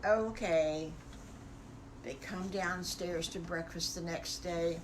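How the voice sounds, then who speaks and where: An older woman, a grandmother telling a bedtime story in a gentle, homey, folksy way. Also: on the low side, slow pace, slight background noise.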